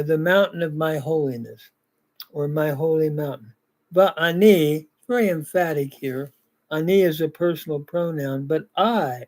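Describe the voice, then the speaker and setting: A man teaching biblical grammar, reading ancient verses aloud and working through them slowly with frequent "uh" pauses. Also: on the high side, a little mellow. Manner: deliberate, pauses with "uh", reads ancient text aloud. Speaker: Bible language teacher. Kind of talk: slow grammar lecture.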